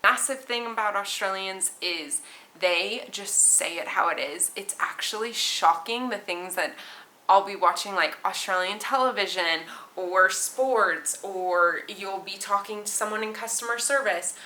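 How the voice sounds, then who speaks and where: A young woman with a Southern California valley girl accent chats to her camera in a bright, bubbly voice, peppering every thought with likes and oh my goshes. She sounds a touch tense and sharp. Her voice rings around a small, echoey hotel room. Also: medium pitch. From California, USA. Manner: chatty, fast-flowing, many likes and oh my goshes. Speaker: flight attendant vlogger. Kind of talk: casual chat to camera.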